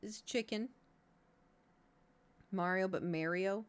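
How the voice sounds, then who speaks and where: A woman's voice: medium pitch, slow pace, clear, resonant tone. Chatty, rambling woman streamer. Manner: rambling, self-mocking, chatty with viewers. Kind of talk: casual live-stream chat.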